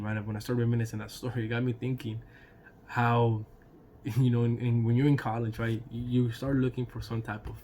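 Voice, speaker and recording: In a casual storytime vlog, a man with a mid-range, slightly mellow voice chats loosely and laughs between lines. This YouTube storyteller swears occasionally and drops in "you know" and "right?", with slight background noise present.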